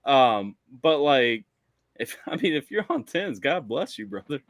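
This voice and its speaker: A man's voice: mid-range voice, a little slow, no echo. A man co-hosting a podcast, bantering crudely and laughing often. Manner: animated, swearing, laughing often. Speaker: podcast co-host.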